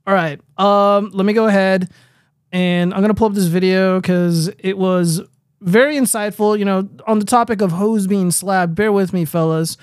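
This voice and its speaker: A man's voice: high-pitched, steady tone, moderate pace, clean tone, dry recording, studio quality. A young man hosting a casual livestream, rambling and swearing freely as he reads viewer comments aloud. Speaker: stream host.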